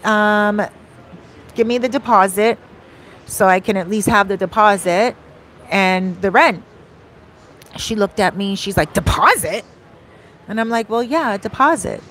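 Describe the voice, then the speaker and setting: Animated woman telling a story. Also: medium pitch, a little slow, pauses often, slight background noise. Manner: animated retelling, acts out quoted dialogue. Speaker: vlogger and rental host. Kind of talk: casual storytelling vlog. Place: home in a beach town, outdoor traffic faintly behind.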